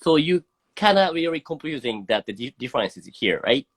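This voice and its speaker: Lively Japanese-accented male teacher. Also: mid-range voice, a little fast, no room sound. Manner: explains in English with Japanese phrases, many fillers. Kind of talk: casual online lesson. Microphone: phone livestream.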